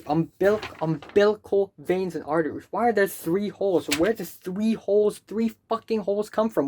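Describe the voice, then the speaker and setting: A woman's voice: mid-range voice, unhurried, darkish tone, slight background noise. A young woman student ranting in a vlog, exasperated, stammering repeated words and swearing often. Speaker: student vlogger.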